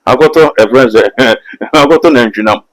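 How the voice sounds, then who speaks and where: Excitable prophet, man. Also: medium pitch, a little fast, low-quality recording. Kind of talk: studio talk show guest.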